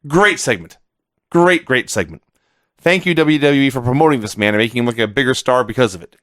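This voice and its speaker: A middle-aged man co-hosting a wrestling podcast, telling stories in an animated, sarcastic way. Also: mid-range voice, a little fast. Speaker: podcast co-host. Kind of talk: casual wrestling review chat.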